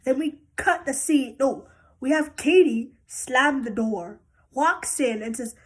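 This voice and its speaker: A woman's voice: high-pitched, measured pace. A woman casually recapping soap opera scenes, rambling and correcting herself as she goes. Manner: rambling, many fillers and self-corrections.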